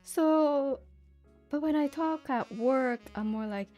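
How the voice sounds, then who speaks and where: A woman's voice: sits high, takes it slowly, dark tone, soft background music. A woman streamer chatting casually with her viewers, giggly and full of fillers.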